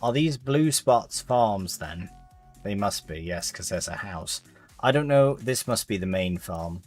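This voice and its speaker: Low-voiced chatty game streamer. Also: male voice, animated, unhurried, soft background music. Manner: chatty, reads chat aloud, British slang. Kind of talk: casual live-stream commentary.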